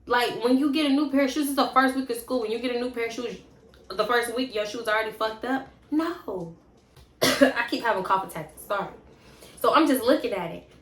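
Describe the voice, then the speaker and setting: A young woman telling a casual storytime vlog in an animated, blunt and profane way. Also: on the high side, brisk. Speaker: storytime vlogger. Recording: roomy echo.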